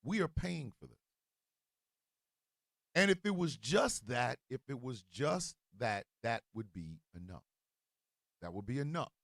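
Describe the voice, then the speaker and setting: A male show host with a mix of New Jersey and Missouri accents who gives a loud, profane political rant, with bursts of shouting. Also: mid-range voice, big pitch swings, measured pace, creaky, long pauses, dry recording, clean studio sound.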